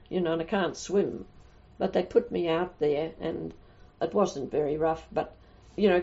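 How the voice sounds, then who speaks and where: Gravelly-voiced older woman telling stories. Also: on the low side, dark tone. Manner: rambling, with many restarts and chuckles. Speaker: nun being interviewed. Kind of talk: casual anecdotal storytelling. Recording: dull lo-fi recording.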